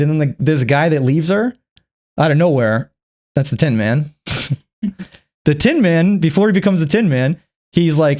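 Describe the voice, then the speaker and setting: A man's voice: fairly high pitch, expressive, normal speed, pauses often, darkish tone. A man vlogging a rambling movie recap, profane and chuckling often.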